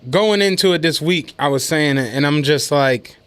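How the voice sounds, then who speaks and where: A man co-hosting a podcast, telling a story in casual chat, animated and profane and laughing often. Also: on the high side, moderate pace, smooth. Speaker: podcast co-host.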